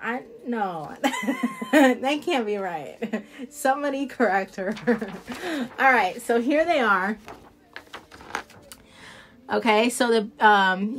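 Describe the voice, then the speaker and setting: A woman with a slightly high, fairly bright voice and a New Jersey accent chats casually to viewers while showing off nail products. She's an independent nail product seller doing a relaxed live showcase, rambling and laughing easily.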